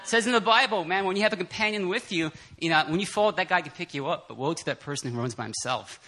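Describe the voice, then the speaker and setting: At a church prayer meeting, a man with a high voice preaches quickly in a casual, conversational style. He is animated and laughs often, with plenty of fillers and restarts.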